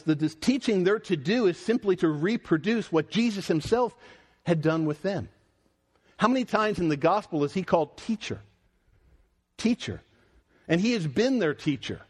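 A man preaching a sermon in an earnest, emphatic way, his voice rising and falling for emphasis. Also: fairly high pitch.

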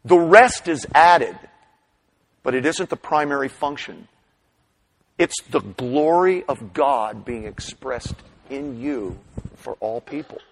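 A middle-aged man preaching a sermon, animated, swinging between loud bursts and hushed asides. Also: medium pitch, slow pace, a little hiss or hum, low-quality recording. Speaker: pastor.

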